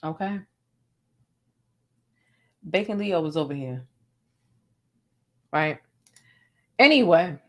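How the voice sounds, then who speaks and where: A woman's voice: lowish voice, slow pace, pauses often. Chatty woman talking straight to her viewers. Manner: chatty, animated, addresses viewers directly. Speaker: vlog host. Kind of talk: casual chat.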